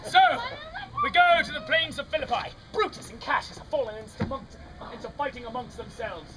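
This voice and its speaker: A woman's voice: fairly high pitch, lively intonation, brisk, background noise. A woman narrating an interactive comic street-theater show, playfully ad-libbing and calling out lines for the audience to repeat. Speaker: comedic storyteller leading audience participation. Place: outdoor fair stage. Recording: outdoor recording with a loud crowd. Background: loud live audience.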